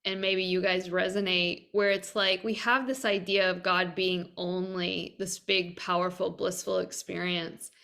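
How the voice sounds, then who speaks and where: A woman's voice: on the low side, little pitch movement, unhurried, gravelly, few pauses, fairly bright tone. A woman hosting a podcast, chatting casually with guests and laughing easily. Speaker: podcast host. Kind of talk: casual conversational interview.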